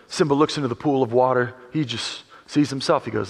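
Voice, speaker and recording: A man's voice: mid-range voice, fast talker, few pauses, slightly rough, long reverb tail. A man preaching a sermon as a pastor, emphatic and joking as he tells a story, in a church.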